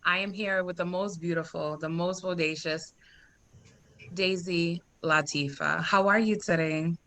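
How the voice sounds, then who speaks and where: Excitable woman hosting a podcast, kinda low pitch but a bright edge, gushing and laughing. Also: measured pace. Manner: effusive, excitable, laughs often. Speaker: podcast host. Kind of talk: casual chat.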